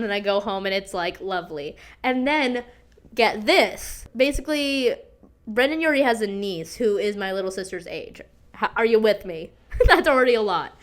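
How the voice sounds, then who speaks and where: A young woman hosting a podcast, chatting through a story in a dramatic, gossipy way, full of "like", swearing and bursts of laughter. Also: mid-range voice. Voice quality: animated, breaks into laughter and squeals. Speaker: podcast host. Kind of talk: casual storytelling chat.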